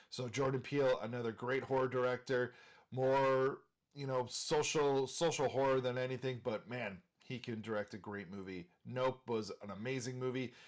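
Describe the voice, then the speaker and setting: A man from Minnesota hosting a movie channel, talking casually and enthusiastically while ranking film directors, with frequent filler words. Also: mid-range voice.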